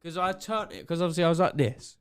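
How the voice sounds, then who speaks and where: A young man co-hosting a podcast, giving excitable running commentary between laughs at a desk mic in a small home studio. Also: fairly high pitch, quick pace, clear, resonant tone, no echo. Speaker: podcast co-host. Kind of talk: casual chat.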